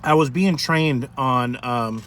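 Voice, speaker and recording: A man food vlogger telling a rambling, animated story to camera from a parked car. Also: mid-range voice, takes it slowly, a little hiss or hum. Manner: rambling, animated, self-interrupting.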